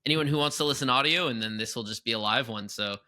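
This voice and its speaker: A young man co-hosting a podcast in casual chat, animated, often breaking into exaggerated impressions. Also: medium pitch, quick pace. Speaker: podcast co-host.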